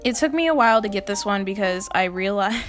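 Young woman video host, casual commentary, quick laughing asides, light music bed. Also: medium pitch, expressive. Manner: chatty, laughing, exasperated asides.

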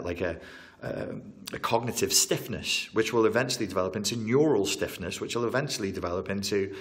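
A low-voiced man talking through trauma as a therapist in an interview. He stacks emphatic repeated phrases and breaks off to reword himself mid-sentence. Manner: animated, repetitive, emphatic, self-correcting. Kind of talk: interview explanation.

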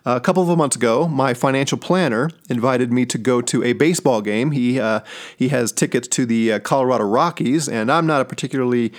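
A middle-aged man from St. Louis giving a Bible teaching on his podcast, stressing key words by slowing down or whispering them. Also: mid-range voice. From St. Louis, USA. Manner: emphatic, slows down and drops to a whisper on key words. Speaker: podcast host.

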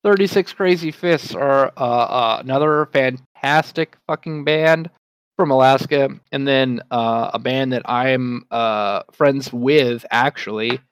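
Cursing rambling podcast guy, mid pitch, dry close mic. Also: slow, smooth, no room sound. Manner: loose, profane, rambling banter. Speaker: podcast co-host. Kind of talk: casual chat.

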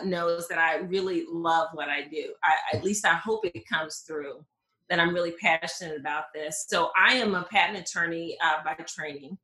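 Southern woman, bright echoey voice. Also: fairly low pitch. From Mississippi, US. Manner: enthusiastic, many fillers and restarts. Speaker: patent attorney guest. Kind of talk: podcast interview.

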